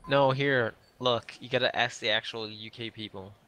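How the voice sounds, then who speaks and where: A man's voice: medium pitch, fairly even intonation, normal speed, bright, forceful tone, clear, resonant tone. A man in casual chat with friends on a game stream, rambling and searching for words. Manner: rambling, hesitant.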